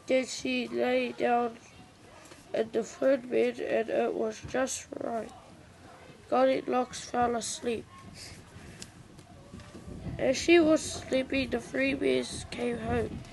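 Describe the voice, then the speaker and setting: A woman reading a storybook aloud slowly and carefully, with small restarts. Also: on the high side, level tone, creaky, a little mellow, a little hiss or hum, low-quality recording.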